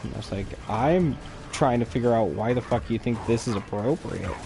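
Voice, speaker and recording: A man on a live stream telling profane, animated stories about trouble at work. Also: mid-range voice, fairly quick, gravelly. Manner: profane, animated storytelling with acted quotes. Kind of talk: casual chat while gaming. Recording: noisy stream audio.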